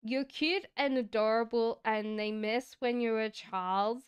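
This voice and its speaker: A woman reads tarot cards on a live stream, taking her time over each card in a reflective, chatty way. Her voice is very clear and a little high. The sound is dry and close, with no room echo. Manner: slow, reflective, chatty with giggles. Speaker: tarot reader.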